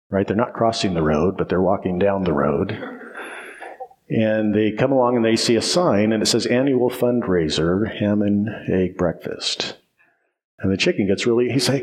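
A man preaching a sermon as pastor, emphatic and repetitive, often asking "right?" and restarting phrases. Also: on the low side.

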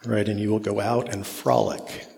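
A man's voice: fairly low pitch, flat delivery, moderate pace, gravelly, a little mellow, slight background noise. A man preaching an expository sermon, repeating phrases for emphasis as his intensity rises and falls. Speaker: pastor. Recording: long reverb of a large hall.

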